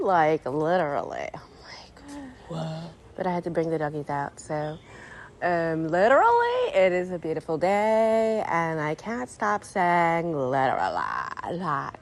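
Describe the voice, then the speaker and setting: Lady vlogging in her backyard, says like and literally nonstop, sing-songy pitch all over the place, takes her time. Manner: peppers speech with "like" and "literally"; playful, chirps bird sounds. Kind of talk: casual vlog chat. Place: outdoors in a backyard.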